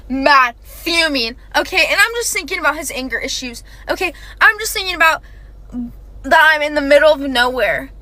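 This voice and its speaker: Young woman, casual storytime, very high voice, animated and quick. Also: no echo. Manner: animated and fast, with frequent "like" and "okay".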